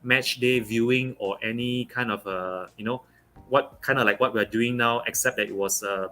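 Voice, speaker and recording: A young man from Malaysia, talking football as a guest on a casual online show, pausing often with fillers and restarts. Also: mid-range voice, fairly even intonation, sharp tone. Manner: halting, many fillers and restarts. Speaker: guest pundit.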